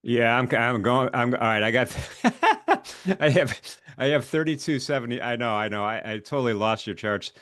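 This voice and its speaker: A man with a Chicago accent hosting a trading show, chatting casually and stammering through quick reactions. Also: mid-range voice, lively intonation, a bit bright, no echo, clean studio sound. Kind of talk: casual market talk.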